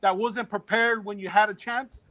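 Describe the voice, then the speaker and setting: A man's voice: high-pitched, normal speed. A male comedian, chatting casually on a podcast, swearing and repeating himself as he gets going. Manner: profane, slangy, repeats words when excited. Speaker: comedian and actor.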